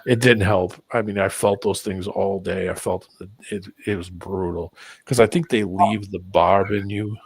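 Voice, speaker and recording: A man's voice: sits low, fairly even intonation, normal speed, breathy edge. A man hosting a casual stream chat, telling stories and acting out what people said, swearing casually. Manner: storyteller who acts out voices, swears casually. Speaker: stream host.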